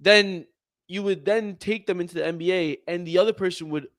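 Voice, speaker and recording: A man's voice: high-pitched, fairly quick, no room sound. A man co-hosting a casual sports podcast, talking emphatically with lots of repeats and laughs. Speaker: podcast co-host.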